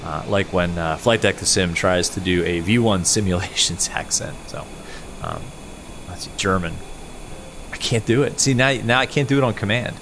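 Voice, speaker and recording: A man's voice: low voice, moderate pace, a bit bright, slight background noise. A middle-aged man streaming a flight sim in casual chat, laughing often as he answers his viewers.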